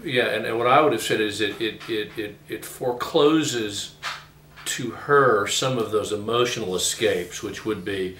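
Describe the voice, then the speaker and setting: Reflective male interviewee, lowish voice, stop-start delivery, distant roomy sound. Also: sharp tone. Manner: halting, restarts a lot. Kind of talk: reflective conversation. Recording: distant, echoey, faint noise.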